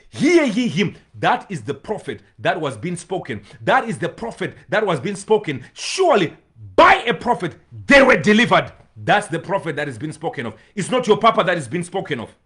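A male pastor delivering a fiery sermon in a husky, fairly high voice. His pitch leaps and falls in wide swings as he moves from shouted proclamations down to near-whispered pleas. Now and then he breaks into speaking in tongues. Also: big pitch swings, moderate pace. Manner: preaching with rising shouts and tongues, swings from loud to hushed.

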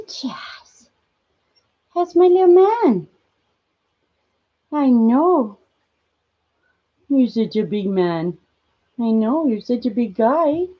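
Slow, soft-toned woman cooing at a pet. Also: breathy edge, lo-fi sound. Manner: coos at her pet in high baby talk between plain explanations. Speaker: pet keeper hosting a live stream. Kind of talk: casual live-stream chat.

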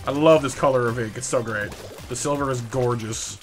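A man streaming a game with viewers, chatting casually, stumbling over and repeating words, and now and then yelping in high excitement. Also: fairly quick, soft background music. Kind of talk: casual live-stream chat over gameplay.

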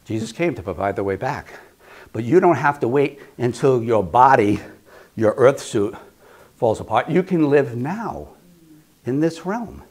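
A man pastor preaching a casual, conversational sermon, often repeating phrases for emphasis and slipping into quick acted asides. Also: mid-range voice, big pitch swings, a little mellow, breathy edge.

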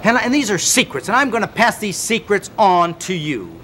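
A man's voice: sits high, normal speed, a little hiss or hum. A man hosting a televised home exercise show, counting reps energetically and speaking earnestly and directly to the viewer. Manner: energetic counting and coaxing commands. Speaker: fitness show host.

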